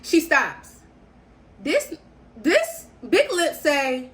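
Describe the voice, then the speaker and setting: Young woman vlogger, bright, animated storyteller with slangy, repetitive delivery. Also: high-pitched, normal speed. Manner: slangy, animated, repeats phrases for emphasis. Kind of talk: casual storytelling.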